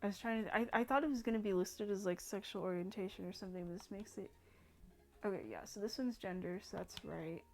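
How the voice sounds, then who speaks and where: A woman's voice: mid-range voice, fast, faint music behind. A young woman hosting a gaming channel, chatting casually over gameplay, rambling with many fillers and restarts.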